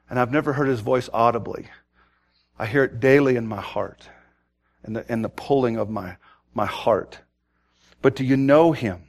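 A man delivers a sermon in a fairly high voice. He drops low to tell a personal story, then builds to loud, urgent exhortation and often repeats words as he starts a thought. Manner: swings between loud urgent preaching and quiet storytelling. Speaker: pastor.

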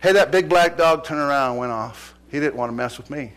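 A middle-aged male pastor preaching a sermon, swinging from loud exhortation to hushed, earnest appeals. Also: a little high, brisk, background noise.

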